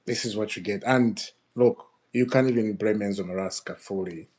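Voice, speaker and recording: Fuming, animated man ranting about football. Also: lowish voice, moderate pace. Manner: animated, laughing, repeats himself. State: upset, fuming. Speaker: football fan channel host. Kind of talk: ranting video commentary.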